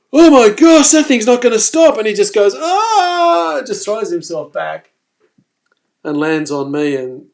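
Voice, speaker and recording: Man, fishing host, live stream, lively storytelling, exclamations, slightly higher voice. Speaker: fishing presenter.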